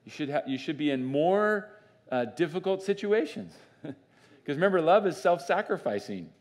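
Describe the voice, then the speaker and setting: Animated male pastor preaching. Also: fairly high pitch, moderate pace. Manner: animated and conversational, with restarts and laughs. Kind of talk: sermon. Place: church.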